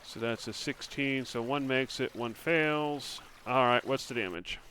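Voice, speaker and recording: A man running a tabletop game as game master, relaxed and hesitant, with many fillers. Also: mid-range voice, unhurried, a little hiss or hum.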